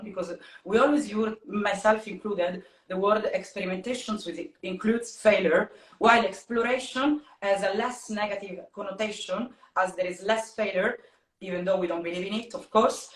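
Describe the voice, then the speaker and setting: Thoughtful woman in her thirties, podcast co-host, halting and reflective delivery, echoey room. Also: mid-range voice. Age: 30s. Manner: reflective, searching for words with many "uh" pauses. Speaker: podcast co-host and life coach. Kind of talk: casual podcast chat.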